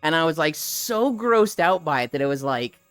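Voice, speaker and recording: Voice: medium pitch, big pitch swings, normal speed, a bit bright, smooth, soft background music. A streamer chatting casually and rambling with live viewers, laughing often and swearing freely. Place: outdoors walking.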